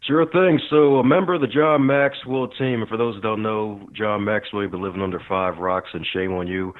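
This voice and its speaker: A man with a fairly low voice tells a lively story as a podcast guest, acting out other people's lines and breaking into big laughs. His voice comes through a thin, phone-like line. The sound is dry, with no room echo. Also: normal speed. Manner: animated storyteller who acts out quotes and laughs loudly. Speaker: podcast guest, author and speaker. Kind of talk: casual storytelling interview. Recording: tinny phone-like remote line.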